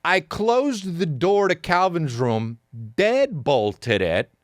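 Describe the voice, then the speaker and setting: A man in his thirties, a podcast host, telling a comedic story in a profane, animated rant full of repeated words and sound effects. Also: sits high, slow pace, no echo, clean studio sound. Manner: acts out sounds and quotes.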